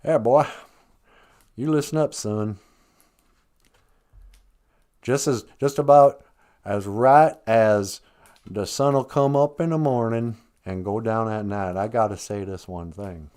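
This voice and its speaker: A man's voice: fairly low pitch, slow, pauses often, a little mellow, clear, resonant tone. A man putting on a drawling Southern redneck. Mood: lecturing. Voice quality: drawling, chews tobacco. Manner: stern, folksy, scolding. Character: gruff backwoods redneck man lecturing "son".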